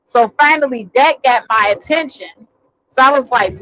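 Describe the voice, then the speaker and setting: A woman's voice: high voice, animated, moderate pace, sharp tone, dull audio, a little hiss or hum. A woman vlogger telling a personal story in a casual, rambling way, full of fillers and restarts, recorded in a vehicle.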